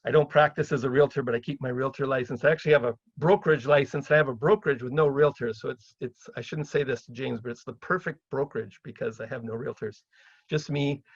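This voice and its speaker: A middle-aged man from Canada giving a chatty seminar talk on property deals, often acting out phone calls in a livelier, higher voice. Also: steady tone, fast talker, slightly rough, dry recording, highs cut off. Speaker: real estate investor speaking at a seminar.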